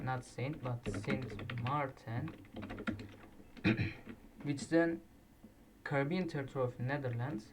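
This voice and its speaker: Slow, halting man with typing behind. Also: medium pitch, noisy background. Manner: halting, thinking aloud, self-correcting. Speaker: quiz video creator. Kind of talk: casual commentary while playing a flag quiz. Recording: distant mic with loud keyboard typing. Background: keyboard clicks and typing.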